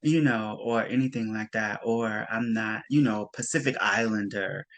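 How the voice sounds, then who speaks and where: A man's voice: on the low side, normal speed, a bit bright. A man hosting a podcast, joking in casual chat and reading the show outro, laughing often. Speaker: podcast host.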